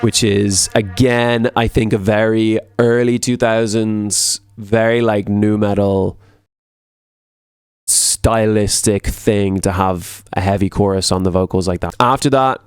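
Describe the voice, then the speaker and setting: A man who produces music, talking through a tutorial in a relaxed, casual way and often repeating words for emphasis. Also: lowish voice, measured pace, clear, resonant tone, dry recording.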